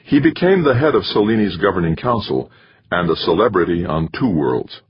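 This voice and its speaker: A man narrating an audiobook in a steady, measured reading. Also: deep voice, husky. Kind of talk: scripted narration. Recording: dull lo-fi recording.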